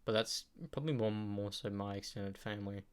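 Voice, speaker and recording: A man's voice: lowish voice, flat delivery, clean tone. A young adult man with an Australian accent, chatting casually and swearing now and then. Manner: slow, drawling, swears casually. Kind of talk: casual chat.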